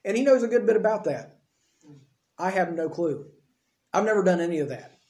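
A man with a high, mellow voice preaches in a relaxed, conversational way, acting out lines of dialogue as he goes. The sound is roomy and echoey, like a church hall. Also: fairly quick. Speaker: pastor. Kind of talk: sermon.

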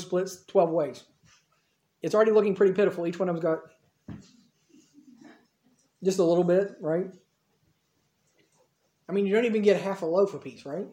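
A man preaching a storytelling sermon with a soft, mellow tone. He talks conversationally and retells the scene in everyday speech. His voice carries a roomy echo from the hall. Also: sits high. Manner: conversational, acts out dialogue in the retelling.

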